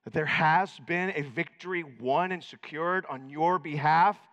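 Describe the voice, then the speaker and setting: Dramatic pastor in a reverberant hall. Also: male voice, fairly high pitch, measured pace, lo-fi sound. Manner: dramatic, swinging from shouted to hushed. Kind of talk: sermon.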